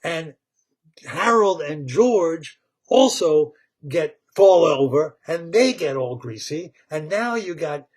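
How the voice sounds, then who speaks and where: Husky man retelling a cartoon story slowly. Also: on the high side. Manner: rambling, animated, laughs at his own tale.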